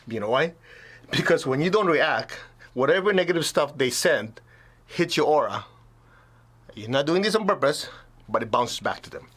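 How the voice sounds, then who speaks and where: A man's voice: on the high side, fairly bright tone. A man teaching a spiritual talk to an audience, casual and blunt, often acting out the voices of people he quotes.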